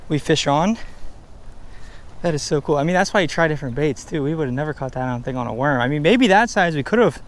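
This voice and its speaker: A young man from Delaware filming his own fishing trip, exclaiming and chatting excitedly beside a pond. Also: a little high. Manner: excitable, exclaiming, mild slang. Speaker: fishing vlogger. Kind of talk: excited casual vlog commentary. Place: outdoors by a pond.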